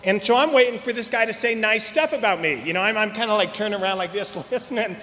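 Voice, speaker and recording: A man's voice: high-pitched, quick pace, fairly bright tone, in a large hall. A middle-aged man from Southern California, speaking at a recovery meeting in a candid, joking, storytelling way. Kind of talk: personal talk at a meeting. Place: meeting hall.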